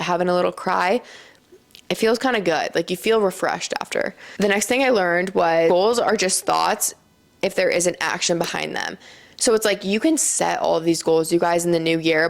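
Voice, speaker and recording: A young lifestyle vlogger talks earnestly to her viewers to camera, casual and reflective, chatty and full of "like" fillers. Her voice is lowish and creaky.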